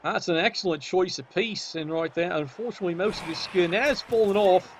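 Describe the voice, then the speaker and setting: A man's voice: high voice, a little fast, a little hiss or hum. A man giving cheeky, sardonic commentary on a tabletop game match.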